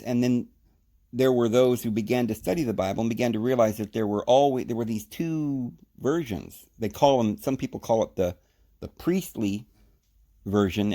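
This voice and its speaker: With abrupt jumps in pitch, a man explains Scripture for a podcast audience. His delivery is emphatic and spirited, broken into short spoken phrases.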